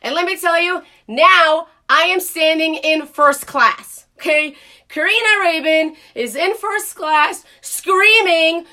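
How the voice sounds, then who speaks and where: A woman vlogger telling a personal story in a casual, animated and emphatic way, swearing bluntly now and then. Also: very high voice, slow pace.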